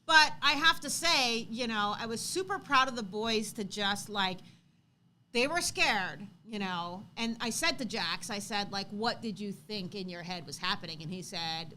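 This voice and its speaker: A woman in her thirties co-hosting a livestream, chatting casually and telling an animated story, acting out quotes loudly. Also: medium pitch, normal speed, a little hiss or hum. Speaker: co-host.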